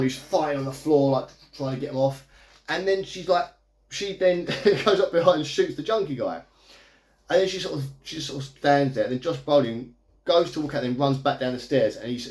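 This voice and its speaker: A man's voice: medium pitch, fairly quick, a little mellow. A man in a casual video review, recapping a movie plot in a chatty, amused, rambling way. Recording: echoey room.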